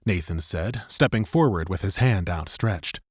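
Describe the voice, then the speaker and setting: A man narrating a science fiction audiobook in an expressive scripted style, close to the mic. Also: deep voice, unhurried, husky, no room sound.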